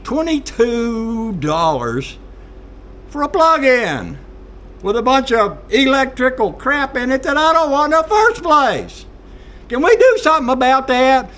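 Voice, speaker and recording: A man's voice: extremely high pitch, fairly bright tone. A man ranting in a folksy, exasperated monologue straight to camera. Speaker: vlogger.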